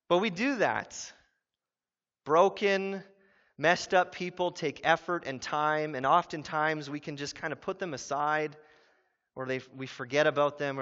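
A man in his thirties preaching a sermon as pastor, telling stories with quick voiced asides. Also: a little high, pushed and bright. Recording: muffled sound in a reverberant hall.

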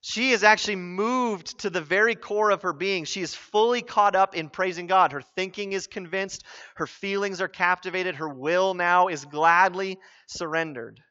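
A man preaching a sermon as pastor, earnest and conversational, with animated asides. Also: high voice, moderate pace, clean tone. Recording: dull lo-fi sound.

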